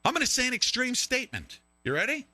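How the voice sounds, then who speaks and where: A man hosts a live stream with loud, riffing commentary, mocking and sometimes singing his lines. His voice sits high and very bright, with a gravelly rasp and wild swings in pitch. The sound is close and dry. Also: huge pitch swings, quick pace, dry recording. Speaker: show host.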